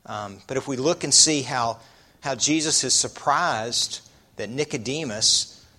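A man's voice: medium pitch, a little slow, sharp tone. A man preaching a sermon, often putting rhetorical questions to his listeners.

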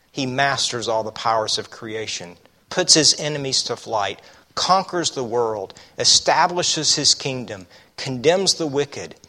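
Preaching to his congregation, a pastor with a medium-pitched, pushed, bright voice reads scripture aloud emphatically and poses rhetorical questions.

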